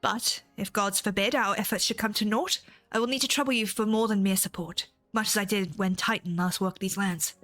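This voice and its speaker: A woman's voice: medium pitch, fairly even intonation, fairly quick, fairly bright tone, soft background music, natural voice. A woman reading aloud the lines of a stern, commanding female admiral in archaic, formal speech. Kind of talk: reading game dialogue aloud.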